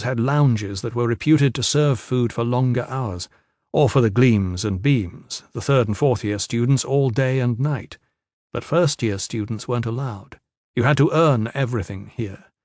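A man reading a novel aloud as a narrator, measured and steady, shifting his pace with the action. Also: medium pitch, no echo, studio quality. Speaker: audiobook narrator. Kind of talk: scripted narration.

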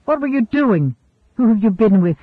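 A man's voice: high voice, normal speed, no room sound. A man reading the part of a lovesick young man under thirty who speaks in a pleading, stammering, desperate way. The recording is tinny and narrow-band.

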